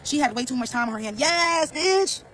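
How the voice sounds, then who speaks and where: A man's voice: very high voice, expressive, normal speed, a bit bright, rough recording. A man telling a casual storytime rant to his viewers, blunt, profane and slangy, repeating phrases as he talks. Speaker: vlogger.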